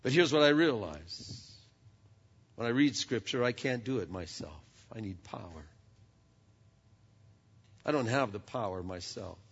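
A man preaching a sermon in a conversational way, often stumbling and repeating words, with lively asides. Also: on the low side, measured pace, long pauses, breathy edge. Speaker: pastor. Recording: dull sound with long hall reverb.

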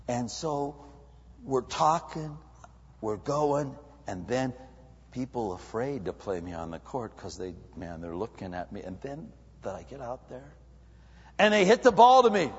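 A male pastor preaching a sermon, animated, swinging between loud emphatic bursts and hushed, quiet asides. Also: mid-range voice, normal speed, slightly rough. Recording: dull lo-fi recording with long hall reverb.

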